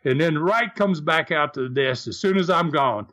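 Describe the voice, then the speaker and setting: A man's voice: on the high side, moderate pace, lo-fi sound. An older man, hosting a podcast and telling stories, acting out the quotes with energy. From American South. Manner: animated, acts out shouted quotes. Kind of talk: storytelling chat.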